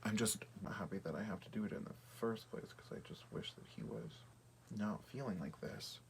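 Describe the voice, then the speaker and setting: A man chatting casually through a makeup tutorial, often dropping to a soft half-whisper while he works. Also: on the low side, moderate pace, creaky, a little hiss or hum. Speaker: beauty vlogger.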